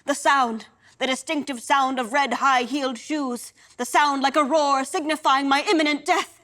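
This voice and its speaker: A woman's voice: sits high, fairly even intonation, normal speed, fairly bright tone. Older woman telling a wry stage monologue. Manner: wry, dramatic. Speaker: performer. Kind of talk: theatrical monologue storytelling. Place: theatre stage.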